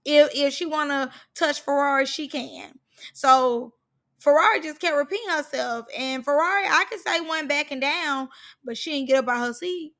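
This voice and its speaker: A woman's voice: high voice, moderate pace, fairly bright tone. A woman recapping a reality show in casual, slangy speech, stressing points by repeating words.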